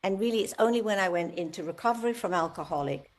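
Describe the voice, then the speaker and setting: A woman in her seventies talking in a candid podcast interview. She tells her stories with life and slips into the voices of people she quotes. Her pitch sits in the middle for a woman. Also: fast. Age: 70s. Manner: lively storyteller, acts out quoted voices. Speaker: guest singer.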